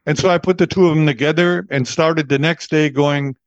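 A man's voice: a little high, steady tone, a little fast, dry recording, highs cut off. Chatty American man in his seventies. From Texas, USA. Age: 70s. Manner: chatty, laughs often, acts out quoted voices. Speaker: radio disc jockey. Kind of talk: relaxed interview storytelling.

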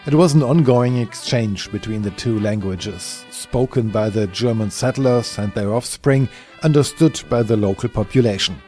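Mellow-voiced documentary narrator man. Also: mid-range voice. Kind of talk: scripted narration.

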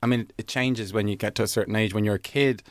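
A man's voice: on the low side, fairly even intonation, quick pace, no room sound, studio quality. A young man, a comedian, chatting in an interview, laughing often and acting out little quotes. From Ireland. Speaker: comedian guest. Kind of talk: casual interview chat.

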